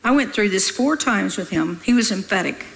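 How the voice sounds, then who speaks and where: A woman's voice: mid-range voice, animated, moderate pace, vocal fry, fairly bright tone, a little hiss or hum. An older woman preaching, telling a story in a folksy, scolding way with laughing asides. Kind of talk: sermon storytelling.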